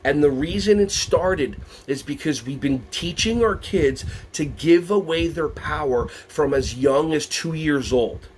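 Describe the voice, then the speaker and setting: An animated man presenting a workshop for teachers, his voice sitting slightly high. He questions the audience and jumps into playful voices when he acts out what others say. Faint ambience hums under the recording. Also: unhurried, hardly any pauses, slight background noise. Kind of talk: lively teacher workshop talk.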